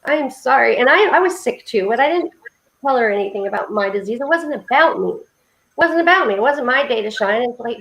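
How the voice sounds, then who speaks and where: A woman's voice: mid-range voice, gravelly, poor audio. A woman co-hosting a faith-based livestream chat, telling heartfelt stories in an earnest, preaching way over a video call. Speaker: co-host of a faith support livestream.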